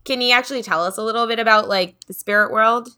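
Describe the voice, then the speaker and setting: A woman's voice: fairly high pitch, fast, bright, forceful tone. A woman hosting a casual podcast, chatty and giggly, with lots of filler words. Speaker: podcast host.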